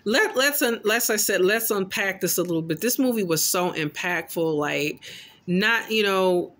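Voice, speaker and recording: A man casually recapping a horror film in an animated, loosely paraphrasing storytelling way. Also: high voice, normal speed. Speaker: film commentator.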